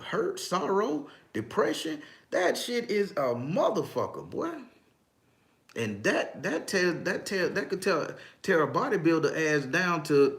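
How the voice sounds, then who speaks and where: A tarot reader with a fairly high, gravelly voice hosts a casual livestream, reading viewers' comments aloud. He talks emphatically and profanely, often breaking into laughter.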